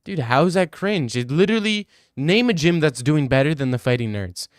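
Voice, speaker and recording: A man's voice: fairly high pitch, lively intonation, fairly quick, no echo, studio quality. A young man, chatting casually on a live stream and answering his chat in a brash, joking way. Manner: brash, joking, swears a lot.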